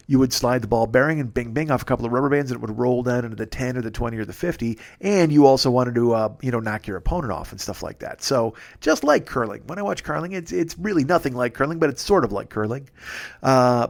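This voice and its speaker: Male comic host, 40s, loose profane monologue, chuckles at himself. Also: medium pitch. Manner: rambling, profane, laughs at his own jokes. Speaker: comedian host. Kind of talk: solo comedy monologue.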